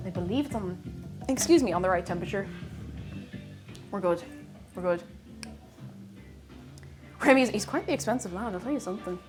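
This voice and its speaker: A woman's voice: medium pitch, animated, fairly quick, pauses often, a little mellow, faint music behind. A woman with an Irish accent, chatting casually and laughing with her viewers as she cooks on a live stream. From Ireland. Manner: chatty, laughs often, thanks viewers by name.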